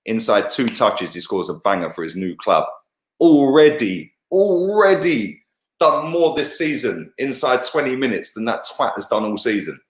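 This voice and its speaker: A man's voice: medium pitch, big pitch swings, normal speed. Blunt sweary man, echoey room. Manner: blunt, sweary, keeps saying "yeah" and "bruv". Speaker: co-host football pundit. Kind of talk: heated football chat.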